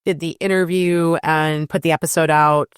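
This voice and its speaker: Low-voiced woman podcaster, blunt and dry. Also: fairly even intonation, smooth, no room sound. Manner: blunt, conversational, quick to agree. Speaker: podcast co-host. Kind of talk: casual chat.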